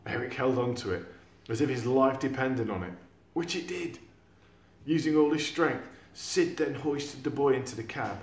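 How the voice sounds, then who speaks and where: A man reading a storybook chapter aloud to a class, animated and acting out sound effects. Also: medium pitch, moderate pace. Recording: echoey room.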